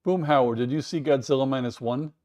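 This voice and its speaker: A man's voice: mid-range voice, a little fast, a little mellow. A man hosting a casual live watch-along stream, chatting with viewers, reading out their messages and reacting with surprise. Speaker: livestream host.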